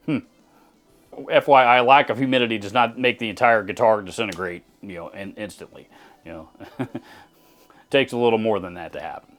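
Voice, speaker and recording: A man's voice: lowish voice, a little fast, pauses often, a bit bright, faint music behind. A man from Texas hosting a channel, answering viewer comments in blunt, sarcastic casual commentary with many restarts.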